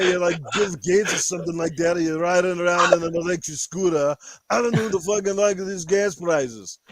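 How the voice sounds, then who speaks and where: A man doing a crude, brash impression of an aging action-star man, ranting loudly with lots of swearing on a podcast. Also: high-pitched, background noise. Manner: loud, profane ranting.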